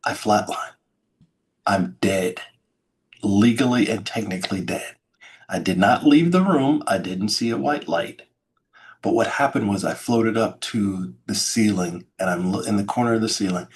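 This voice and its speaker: Deep-voiced man telling a dramatic story. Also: unhurried. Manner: dramatic storyteller, acts out sounds and quotes. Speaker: podcast guest, keynote speaker. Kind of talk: storytelling in an interview.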